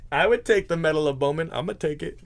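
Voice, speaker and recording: A man's voice: a little high, a bit bright. A man hosting a live card break, chatting casually, joking and tripping over his words as he reads out player names. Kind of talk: casual live-stream chat.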